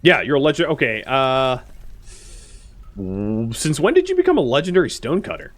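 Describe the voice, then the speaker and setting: A man in the middle of casual gameplay commentary, his voice swinging widely in pitch as he chats to the little characters on his screen. He jumps from surprised outbursts to low muttered asides, all at an easy middle pitch. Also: big pitch swings, moderate pace. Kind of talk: casual let's-play commentary.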